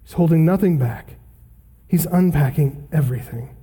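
A man preaching an expository sermon as pastor, emphatic and slowing down to stress scripture quotations. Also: a little high, dark tone, husky.

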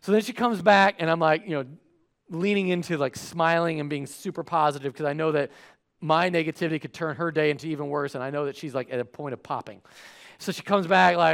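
A man's voice: fairly high pitch, brisk, vocal fry. A man preaching a sermon, telling a funny everyday story and acting out the voices in it. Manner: animated, acts out voices. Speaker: pastor.

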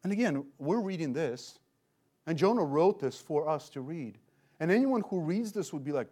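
High-voiced man preaching animatedly. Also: normal speed. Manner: animated, emphatic, rhetorical questions. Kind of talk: expository sermon.

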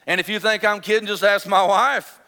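A man in his thirties preaching a sermon as pastor, with emphatic repetition, swinging between forceful declarations and hushed, intense asides. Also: high-pitched, fairly even intonation, brisk, long reverb tail.

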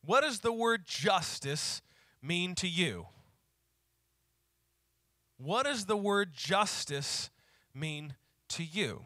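A male pastor preaching a sermon who slows down to repeat key phrases for emphasis and tells stories in a conversational way. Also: high voice, animated, bright, forceful tone, dry recording, clean studio sound. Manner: conversational storytelling with fillers.

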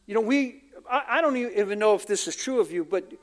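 A man's voice: high-pitched, expressive, fast. A man from the United States, a pastor preaching a conversational sermon full of asides and acted-out quotes.

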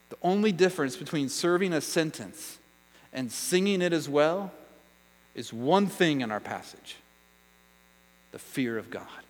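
A man preaching a sermon as pastor, earnest and emphatic, dropping to a hush for effect. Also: sits high. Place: church sanctuary. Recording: hall reverb with mains hum.

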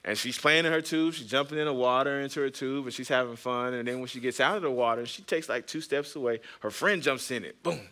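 On his podcast, a man in his thirties preaches like he's chatting, telling personal stories and cracking jokes at the congregation. He talks quickly in a bright, pushed mid-range voice, hardly pausing.

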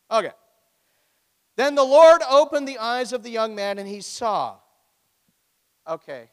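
A man preaching a sermon, retelling a story with animated storytelling and acted-out quotes. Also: high voice, long reverb tail.

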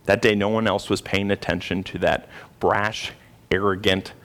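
A man's voice: sits low, little pitch movement, normal speed, fairly bright tone. A man preaching a sermon, telling a personal story earnestly with frequent restarts.

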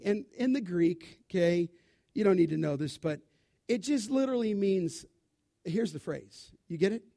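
A man preaching a sermon to his congregation, emphatic, asking questions and answering them, swinging between loud bursts and quiet asides. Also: high voice. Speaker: pastor.

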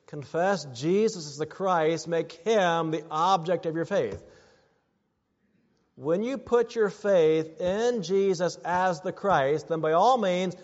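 A man preaching a sermon as pastor, earnest and building to emphatic exhortations. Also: a little high. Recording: dull sound with long hall reverb.

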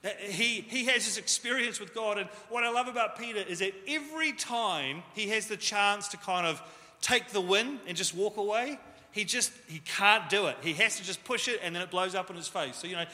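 A man's voice: high-pitched, moderate pace, sharp tone. A man preaching a sermon as pastor, jokey and conversational, in a church hall with a long reverb. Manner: jokey, self-deprecating, conversational.

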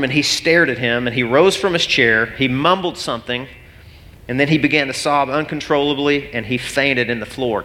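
Bright-voiced man preaching in a reverberant hall. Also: mid-range voice. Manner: earnest storytelling, turns emotional and laughs it off. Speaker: pastor. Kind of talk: sermon.

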